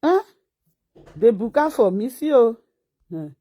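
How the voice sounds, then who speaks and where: A Nigerian woman vlogger ranting and mocking someone with rapid rhetorical questions in a scolding manner. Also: a little high, very animated, dark tone. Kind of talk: ranting live-stream commentary.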